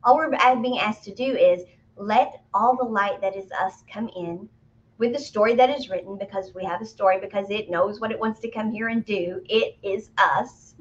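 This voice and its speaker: A woman co-hosting a spiritual talk show, explaining her teachings in a casual, animated way with playful exclamations. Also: mid-range voice, moderate pace. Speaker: spiritual medium co-host. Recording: muffled lo-fi audio.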